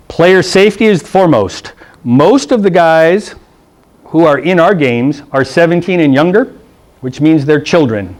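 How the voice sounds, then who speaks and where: His voice is fairly high and a little mellow: a middle-aged man teaching football officials the rules in a meeting room. Blunt and playful, he checks in by asking "okay?" and brings the coaches in his stories to life with funny voices.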